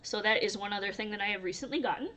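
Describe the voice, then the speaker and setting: A woman's voice: medium pitch, racing, fairly bright tone, a little hiss or hum. A young woman vlogging casually to camera, chatty and storytelling, laughing often as she talks. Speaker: crochet vlogger.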